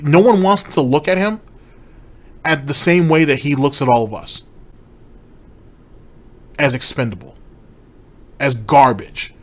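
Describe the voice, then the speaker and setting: Brief: male commentator, slightly higher voice, blunt and cursing, repeats for emphasis. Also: fairly bright tone. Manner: blunt, profane, emphatic repetition. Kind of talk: reaction commentary.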